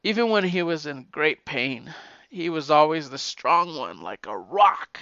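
A middle-aged man and podcaster giving a heartfelt, emotional message, halting and repeating his words, tearful at times. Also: fairly high pitch, big pitch swings, pushed and bright, dry recording, highs cut off.

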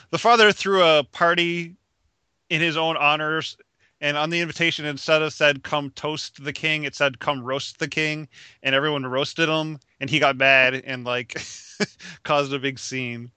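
A man's voice: a little high, fairly even intonation, a little slow, pushed and bright, clean tone, dry recording. A man co-hosting a casual podcast chat about comics, often laughing as he reads quotes aloud. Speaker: podcast co-host reviewing comics.

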